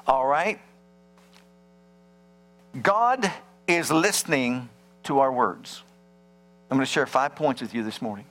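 A man preaching a sermon, animated, acting out little scenes and firing rhetorical questions at the congregation. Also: on the high side, slow, pauses often. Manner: dramatizes scenes and acts out voices. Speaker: pastor.

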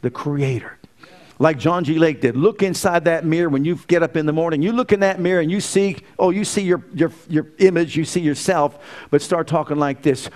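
A man preaching a sermon, swinging from hushed, slow lines to loud, emphatic ones and firing rhetorical questions at his listeners. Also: on the high side.

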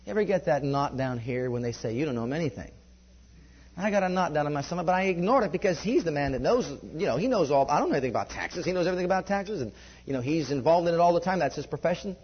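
Husky-voiced preacher, lo-fi. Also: male voice, a little high, racing. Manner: animated, conversational, laughs often. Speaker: preacher giving a testimony. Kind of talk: sermon storytelling. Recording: dull lo-fi recording.

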